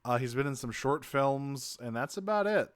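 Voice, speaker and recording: A man's voice: mid-range voice, animated, moderate pace, no room sound. A man co-hosting a podcast, animatedly recapping a cartoon episode with laughs and quoted lines. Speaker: podcast co-host. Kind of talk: casual chat recapping a cartoon.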